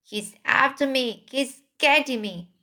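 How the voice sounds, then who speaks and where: A woman's voice: steady tone, extremely slow. Woman screaming as a terrified child-eating giant. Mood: terrified pleading. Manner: screaming, pleading, high and loud. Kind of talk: storybook read-aloud.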